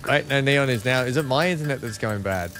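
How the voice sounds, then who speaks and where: A man's voice: mid-range voice, fast talker, fairly bright tone, faint music behind. An Australian man hosting a multiplayer game stream, chatting casually with teammates, asking lots of questions and laughing easily. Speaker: streamer host. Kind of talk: casual multiplayer gaming chat.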